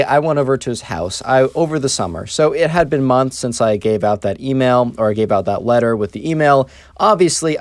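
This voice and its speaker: A man's voice: medium pitch, darkish tone, no room sound. A man casually telling a funny personal story to his viewers. He pokes fun at himself and keeps dropping fillers like "right" and "anyways". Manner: chatty, self-mocking, lots of fillers like "right" and "anyways". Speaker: storytime narrator.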